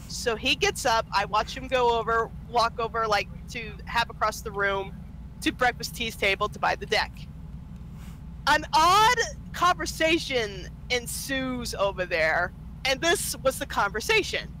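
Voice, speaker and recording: A woman streamer telling a story in casual chat, animated and laughing often as she acts out what others said. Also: fairly high pitch, a little slow, slight background noise, poor audio. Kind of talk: casual storytelling over gameplay.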